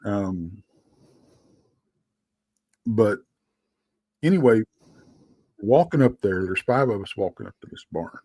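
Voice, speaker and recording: A man with a Texan drawl tells his story in a low voice, wandering and halting through it with plenty of fillers. The sound is dry and close, with no room around it. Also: lively intonation, darkish tone, breathy edge, no room sound. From Texas. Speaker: guest. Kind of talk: casual storytelling.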